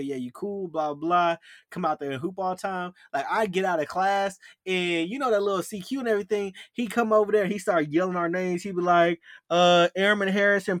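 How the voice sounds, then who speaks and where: Young man, casual storytelling, slangy, lively delivery, slightly high voice, dry close sound. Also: no room sound. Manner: animated, acts out yelled quotes, slangy. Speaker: podcast co-host.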